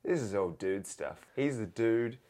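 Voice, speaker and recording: A man as a podcast guest in casual chat, opinionated and wry, getting animated when he argues a point. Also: lowish voice, a little slow.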